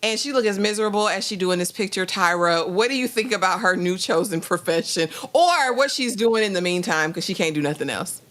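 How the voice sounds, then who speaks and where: A woman's voice: medium pitch, animated, brisk, few pauses, a bit bright. Sassy woman recapping a TV show. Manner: sassy, teasing, asks her co-host questions. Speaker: co-host of a TV review show. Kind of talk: casual TV recap chat.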